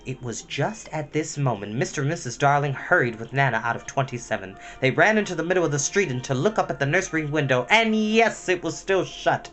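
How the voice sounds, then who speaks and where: A man reading a storybook aloud at bedtime, expressive and dramatic with a gentle touch. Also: fairly high pitch, fairly quick, few pauses, soft background music.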